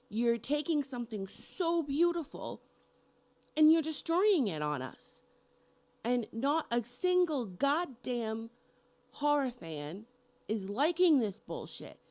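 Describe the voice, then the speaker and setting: Slow-talking, heated middle-aged woman ranting. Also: fairly high pitch, darkish tone. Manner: heated, profane, emphatic. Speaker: horror vlogger. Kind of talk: angry movie rant to camera.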